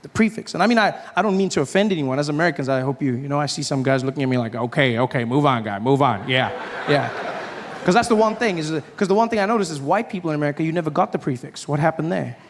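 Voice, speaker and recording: Animated man doing stand-up on stage. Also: fairly high pitch, racing, few pauses. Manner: animated, acts out characters with shifting voices. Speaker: stand-up comedian. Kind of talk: stand-up routine. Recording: live stage with audience noise.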